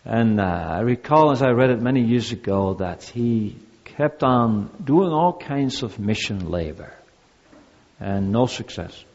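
A man's voice: mid-range voice, lively intonation, a little slow, darkish tone. A male pastor preaching a sermon to his congregation in an earnest, repetitive cadence. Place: church. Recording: dull, echoey church recording.

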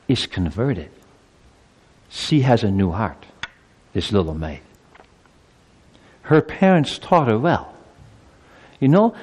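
A man's voice: mid-range voice, a little mellow, long reverb tail. A man giving a children's sermon, telling a story with animation and asking the children questions. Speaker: preacher.

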